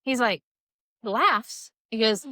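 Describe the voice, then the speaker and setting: A woman, a nurse practitioner co-hosting a podcast, telling a story with animated acted-out quotes. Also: slow pace, no room sound. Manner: animated, acts out quotes with big pitch jumps. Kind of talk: casual storytelling chat.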